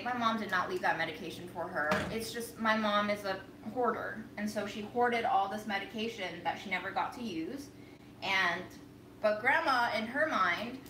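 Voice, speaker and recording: A woman's voice: mid-range voice, pushed and bright. A woman telling a story in a casual vlog, frank and profane as she vents, recorded a little away from the mic in an echoey room. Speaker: vlogger. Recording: echoey room, voice a bit far from mic, faint background noise.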